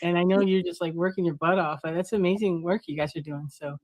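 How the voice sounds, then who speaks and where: A woman's voice: lowish voice, fairly even intonation, fast, darkish tone, no room sound, muffled recording. Enthusiastic woman guest, dry sound. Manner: enthusiastic, praising, filler-heavy. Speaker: guest doctor. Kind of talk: casual livestream chat.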